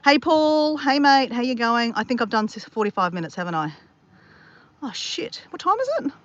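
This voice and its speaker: An Australian woman chatting casually and excitably to viewers on a live stream, recorded outdoors on a phone. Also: fairly high pitch, a little fast, no room sound, muffled recording. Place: outdoors after a walk.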